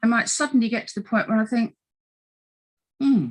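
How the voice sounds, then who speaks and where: A middle-aged woman, a health coach, talks casually in an interview, animated and putting on little voices when she quotes people. Her voice is fairly high and rapid-fire, and the audio is poor.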